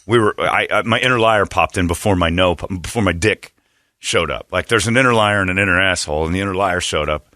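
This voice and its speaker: Guy on a morning radio show telling a goofy story, lowish voice but bright and punchy, dry studio sound. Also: fairly quick, no room sound. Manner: animated storyteller, slips into silly put-on voices. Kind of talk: casual morning-show banter.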